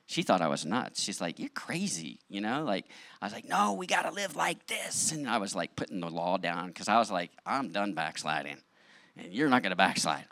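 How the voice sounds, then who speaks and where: A middle-aged male pastor telling his story in a sermon, animated, acting out what people said. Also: deep voice, no echo. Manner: animated storytelling with acted-out quotes. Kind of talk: testimony sermon.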